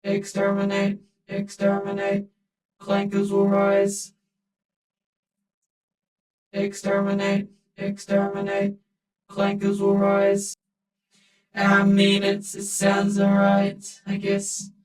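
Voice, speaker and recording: A flat, monotone female-sounding AI robot, as a man talks through a voice changer. The pitch barely moves at all. The voice sits in an echoey room with faint music behind it. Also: slow pace, pauses often. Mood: robotic.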